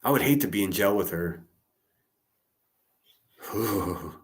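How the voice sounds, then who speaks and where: A man reacting on a live stream in a fairly low voice. He is sarcastic and heated, and he swears as he talks to his chat. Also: animated, slow pace.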